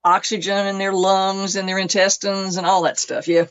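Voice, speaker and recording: A woman guest tells her own story in an animated way, putting on the voices of the people in it and sometimes coming close to tears. The sound is dull and lo-fi, with a dry, close feel. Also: medium pitch, moderate pace, dry recording. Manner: animated, acts out other people's lines; emotional, close to tears at times. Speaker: interview guest. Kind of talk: personal storytelling in conversation.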